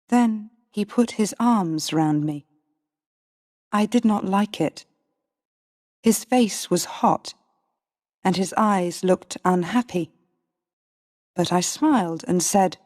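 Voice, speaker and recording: A woman narrating a storybook in a slow, careful reading for English learners. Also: mid-range voice, darkish tone. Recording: long reverb.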